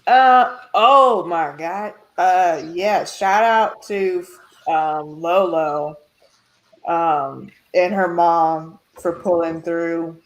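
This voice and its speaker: A woman with a lower-than-usual voice, chatting with friends on a sports podcast. She is outspoken and teasing, jumping in quickly with opinions and jokes. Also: highs cut off. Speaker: podcast co-host. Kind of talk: casual sports chat.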